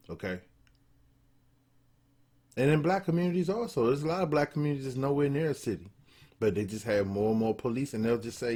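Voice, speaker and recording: Repeating points to drive them home, this man delivers emphatic, profane, blunt video commentary in a casual style. His voice is mid-range with a darkish tone, and he works as a political commentator.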